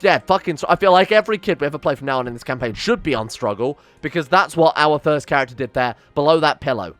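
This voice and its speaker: A man's voice: on the high side, expressive, quick pace, a bit bright, no echo, faint music behind. A young man giving casual, exasperated game commentary, swearing and ranting theatrically. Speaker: game streamer.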